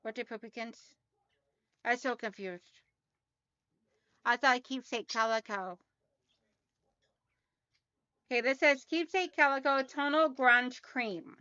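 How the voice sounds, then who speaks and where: A woman's voice: fairly high pitch, measured pace, sharp tone, clean tone, dry recording, lo-fi sound. A woman hosting a casual quilting livestream, chatty and talking straight to her viewers as she reads out their comments.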